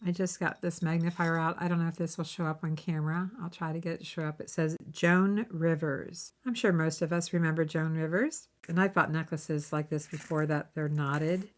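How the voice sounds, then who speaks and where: A woman's voice: sits low, fairly even intonation, moderate pace, few pauses. A woman hosting a jewelry-making tutorial, chatting casually and thinking aloud as she works, with friendly tips along the way. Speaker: jewelry-making channel host. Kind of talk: casual how-to demonstration.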